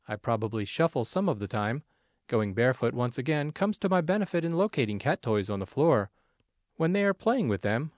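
A man reads his own essay aloud, measured and plainspoken. His pitch rises and falls freely from phrase to phrase, and the recording is dry and close with almost no room sound. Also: dry recording. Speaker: narrator. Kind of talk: reading a personal essay aloud.

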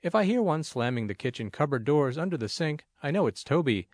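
Lively-voiced man reading a personal essay. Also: fairly high pitch, brisk, no room sound, studio quality. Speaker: reader.

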